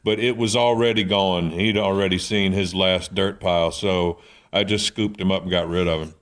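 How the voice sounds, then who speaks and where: A man's voice: low-pitched, normal speed. A middle-aged man, telling funny stories in a casual chat as a co-host. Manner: animated storyteller, folksy and joking.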